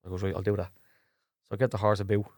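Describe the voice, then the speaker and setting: A man's voice: on the low side, rapid-fire, no echo, studio quality. A man in his forties with a Dublin accent, a guest actor telling colloquial anecdotes in a casual chat. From Ireland. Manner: lively anecdotal, colloquial, plays voices in quotes. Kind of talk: casual storytelling.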